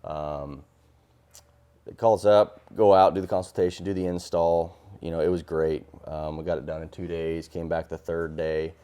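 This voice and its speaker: A man with a very low, dark, mellow voice, chatting as a podcast guest. He tells earnest stories about his building work and trips over fillers and restarts as he goes. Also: flat delivery, moderate pace, smooth. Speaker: guest, hardscaper and water feature builder. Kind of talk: casual podcast conversation.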